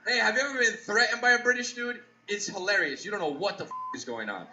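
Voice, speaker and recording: Man, stand-up comic, high voice, profane, mimics voices, echoey club, dull lo-fi sound. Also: quick pace, noisy background. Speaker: stand-up comedian. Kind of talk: stand-up comedy routine. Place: comedy club stage. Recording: dull lo-fi audio with roomy echo.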